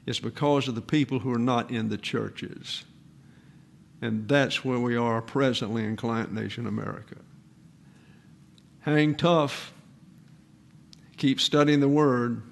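Gravelly older man preaching. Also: medium pitch. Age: 80s. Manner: earnest, measured delivery with pauses and fillers. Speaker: pastor. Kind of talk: sermon.

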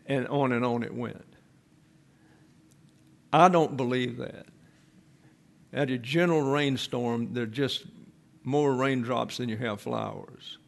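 A man delivers an expository sermon at an unhurried, measured pace, leaning on repeated phrases to drive each point home. His voice sits in a middle pitch, and he teaches in a plain, deliberate way. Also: gravelly. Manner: slow, deliberate, repeats key phrases for emphasis. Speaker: preacher.

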